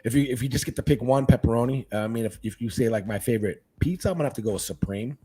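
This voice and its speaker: A man who is a guest fishkeeper, chatting casually in an interview with a laid-back, animated manner. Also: mid-range voice, very fast, breathy edge. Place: living in Northern California.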